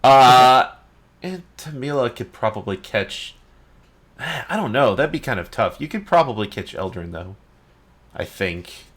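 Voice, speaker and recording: A man narrating and ruling a tabletop game as dungeon master, explaining rules in a relaxed way with frequent pauses. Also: mid-range voice.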